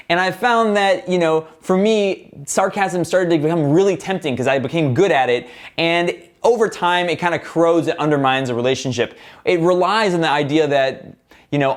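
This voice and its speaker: A young man hosting a self-help video, talking casually to the camera and explaining with relaxed fillers and self-deprecating asides. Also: fairly high pitch.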